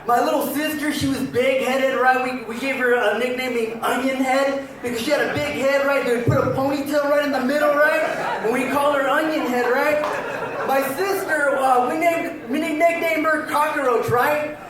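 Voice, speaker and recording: Male stand-up comic, very high voice, loud storyteller, heard from far off in a roomy hall. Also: fairly even intonation, moderate pace, crowd noise. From Mexican-American family. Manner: loud storytelling, acts out voices, stutters for effect. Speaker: stand-up comedian. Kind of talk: stand-up comedy set. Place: prison event hall, live audience. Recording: echoey far-off hall recording with noise.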